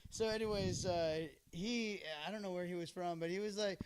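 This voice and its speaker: A man's voice: sits high, fairly even intonation, normal speed, a little hiss or hum. Rambling, laughing man telling a story. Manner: rambling, laughing, with many fillers. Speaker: podcast host. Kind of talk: casual storytelling chat.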